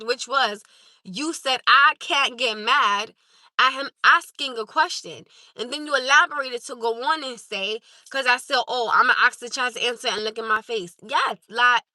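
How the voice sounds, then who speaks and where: Woman livestream host, high and bright, insistent, dry close mic. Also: moderate pace, dry recording. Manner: emphatic, insistent, repeats points. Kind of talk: live stream chat with viewers.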